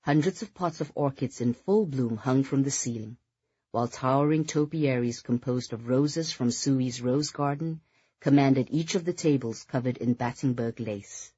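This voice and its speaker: A narrator reading a novel aloud in a measured, even storytelling manner. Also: mid-range voice, breathy edge, no room sound, highs cut off. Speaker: audiobook narrator. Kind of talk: scripted audiobook narration.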